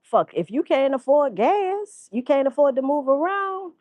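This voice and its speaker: A woman's voice: sits high, normal speed, hardly any pauses, no room sound, dull audio. Profane laughing woman vlogger. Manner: profane, laughing, animated storytelling. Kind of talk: casual commentary.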